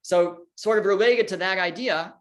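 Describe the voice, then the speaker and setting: A rabbi teaching a casual class, reading verses aloud and explaining them conversationally with fillers and restarts. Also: male voice, high voice, moderate pace. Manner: conversational, with fillers, restarts, and lively quoted dialogue.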